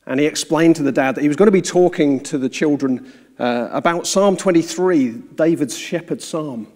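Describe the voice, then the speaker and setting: A man preaching a sermon, telling a story in a measured, earnest way before moving into the sermon itself. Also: fairly high pitch, a little mellow. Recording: reverberant hall sound.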